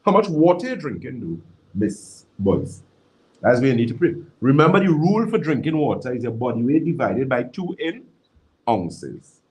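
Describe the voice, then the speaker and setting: A man's voice: medium pitch, very animated, moderate pace, darkish tone, low-quality recording. A man giving natural health advice on a live stream and answering viewers' questions. He talks emphatically and repeats key words for stress. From Trinidad and Tobago.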